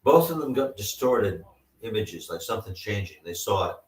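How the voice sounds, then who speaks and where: Deep-voiced man telling a story in an echoey room. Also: lively intonation, moderate pace. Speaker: paranormal investigator guest. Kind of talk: casual storytelling. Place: living room at a live party. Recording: echoey room, mic far off.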